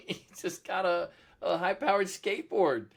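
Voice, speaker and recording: A man's voice: sits high, measured pace, vocal fry, breathy edge. Rambling man chatting about comics. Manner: rambling, restarts, acts out reactions. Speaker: podcast co-host. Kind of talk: casual comic-book chat.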